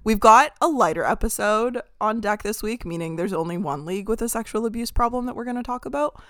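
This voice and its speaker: A woman's voice: on the high side, brisk, fairly bright tone, no echo, studio quality. A woman hosting a casual sports podcast, upbeat and joking as she opens the episode. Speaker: podcast host.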